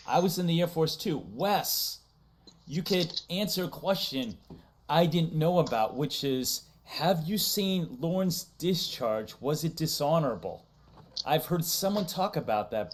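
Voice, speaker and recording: Male stream host, talkative and loose, reading chat aloud, voice sitting a bit high. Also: slight background noise. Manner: chatty, laughs often, reads chat aloud. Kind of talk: casual livestream chat.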